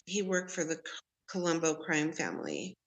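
A woman's voice: low voice, very animated, moderate pace. A middle-aged woman, a podcast guest, telling a personal story candidly with occasional laughs. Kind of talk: storytelling in an interview.

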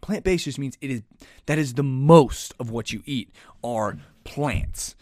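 A man talks through his opinions in a loose, animated solo podcast, often sighing, restarting and correcting himself mid-sentence. His voice sits in an ordinary middle pitch. The sound is dry and close, with no room around it. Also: normal speed, dry recording. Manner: animated, rambling, self-correcting with sighs and restarts; says he is aggressive and in your face. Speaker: podcast host. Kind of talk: casual solo commentary.

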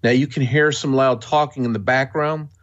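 A man's voice: mid-range voice, fairly even intonation, normal speed, a bit bright. A man co-hosting a podcast, giving a serious, matter-of-fact, scripted true-crime narration. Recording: dull lo-fi sound.

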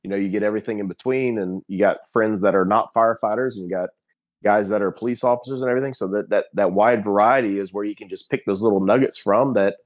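A man's voice: lowish voice, fast talker. A middle-aged man, a guest firefighter captain, talking casually on a podcast over a remote call, rambling with many restarts and fillers.

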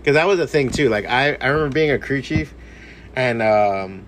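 A man's voice: medium pitch, normal speed, slight background noise. A man hosting a podcast in casual, profane chat, laughing often and telling stories with animation. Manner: laughs often, swears freely, animated storytelling. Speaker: podcast host.

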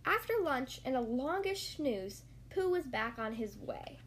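A woman reading a children's storybook aloud in a lively, sing-song manner, doing the voices. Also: high-pitched, a little slow, slight background noise.

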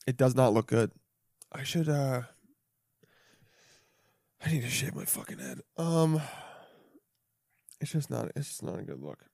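A young man hosting a solo podcast, chatting casually and profanely, jumping between loud bursts and muttered asides. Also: medium pitch, very animated, measured pace, vocal fry, pauses often, no echo, studio quality. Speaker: podcast host. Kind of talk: rambling solo podcast chat.

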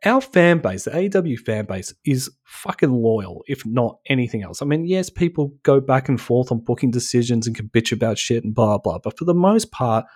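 A man's voice: mid-range voice, expressive, moderate pace, few pauses, mellow, slightly rough. A man co-hosting a wrestling podcast, ranting heatedly in casual chat and swearing freely. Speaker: podcast co-host.

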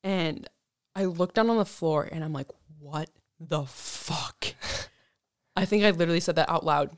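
A woman's voice: on the low side, quick pace, smooth, no room sound, clean studio sound. A young woman telling a college story in casual chat, swearing often and full of fillers. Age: young adult.

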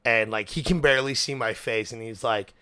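A man's voice: mid-range voice, a little fast, sharp tone, clear, resonant tone, dry recording, clean studio sound. A young man hosting a podcast, chatting casually and animatedly, swearing often and acting out quotes. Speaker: podcast host. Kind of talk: casual chat.

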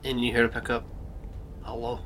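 A young man running a tabletop game as game master, relaxed with lots of fillers and restarts. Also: mid-range voice, normal speed, soft background music.

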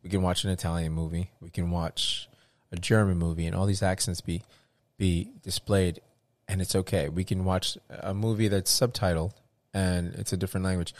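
Animated low-voiced man in casual talk. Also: moderate pace, hardly any pauses, no room sound. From United States. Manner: animated, restarts often, acts out quotes. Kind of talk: casual conversation.

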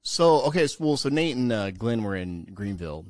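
A podcast co-host and former radio DJ spins a long, casual anecdote packed with fillers and the occasional swear word. His fairly low voice is sing-song and brisk, and the sound is dry with no echo.

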